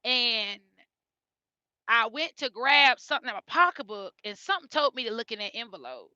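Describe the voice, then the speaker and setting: A woman's voice: a little high, big pitch swings, normal speed, sharp tone, no room sound. A woman telling her family's story in an earnest, heartfelt way, often repeating her phrases. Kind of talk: emotional personal storytelling. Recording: dull lo-fi recording.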